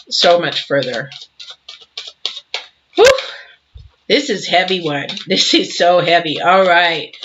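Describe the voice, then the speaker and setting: A man's voice: a little high, noisy background. Guy doing a tarot reading, earnest and kinda emotional, stops and restarts a lot, dull lo-fi sound. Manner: earnest, halting, with frequent restarts and soft laughs; heartfelt and a little emotional. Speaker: tarot reader. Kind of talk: intuitive tarot reading to camera.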